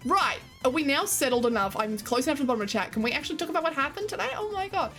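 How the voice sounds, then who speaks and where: A woman's voice: high-pitched, expressive, rapid-fire, fairly bright tone, faint music behind. An Australian woman streaming, chatting casually and giggling while she reads and answers her live chat. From Queensland, Australia.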